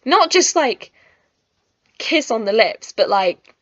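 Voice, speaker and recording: A woman's voice: on the high side, big pitch swings, slow, a bit bright, no room sound. A young woman telling a personal storytime vlog in a chatty, emotional, giggly way, in a slightly muffled recording. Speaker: vlogger.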